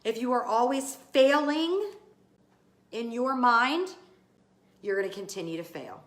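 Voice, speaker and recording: A woman's voice: a little high, very animated, a little slow. A woman podcast host and business coach giving a motivational talk, emphatic and fired up, cursing casually as she urges listeners on. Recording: roomy, echoey room.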